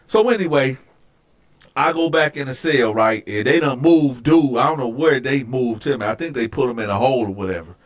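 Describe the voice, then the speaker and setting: A man hosting a show, telling a personal story casually, animated and profane, acting out scenes with loud outbursts. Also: medium pitch, moderate pace. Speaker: host.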